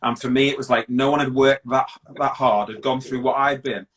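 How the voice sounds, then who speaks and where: A man's voice: medium pitch, fairly even intonation, a bit bright, poor audio. A middle-aged man from Britain, a guest in an interview, telling his story openly and bluntly with many restarts. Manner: open, blunt, halting with restarts.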